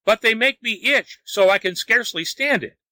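A man's voice: high voice, animated, moderate pace, pushed and bright, no echo, pitched above the performer's own voice, heavily acted. A man voicing a frantic, lazy storybook man who wails and begs to be scolded. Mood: pleading. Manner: wailing, begging.

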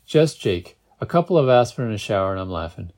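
A man's voice: lowish voice, very animated, fast, a little mellow. A man reading aloud and voicing a queasy young man who sounds wry and strained. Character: sick, wry young man with aching head.

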